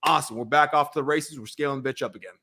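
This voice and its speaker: A man's voice: mid-range voice, rapid-fire, pushed and bright. A man in a heated business conversation, blunt and profane, repeating his points with emphasis. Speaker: barbershop business coach. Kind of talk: blunt debate-style conversation.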